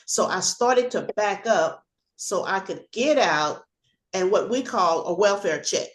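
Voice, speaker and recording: Animated older woman telling a story. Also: mid-range voice, a little slow, roomy sound. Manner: animated storyteller, acts out shouting and laughs. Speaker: retired police officer. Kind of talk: personal storytelling on a video call. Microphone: video call.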